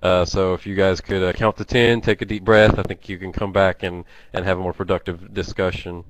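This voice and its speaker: Deep voiced guy calming down a voice chat argument, lots of um and uh, stumbles a bit. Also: brisk, no echo, poor audio. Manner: hesitant, full of fillers, conciliatory. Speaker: moderator and mutual friend. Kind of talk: calm mediation.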